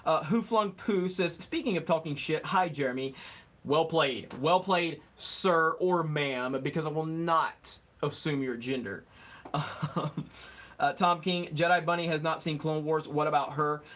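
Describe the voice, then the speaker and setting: A man's voice: fairly high pitch, unhurried, fairly bright tone. Joking man reading live chat. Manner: joking, rambling, fumbles over words. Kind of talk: casual live stream chat.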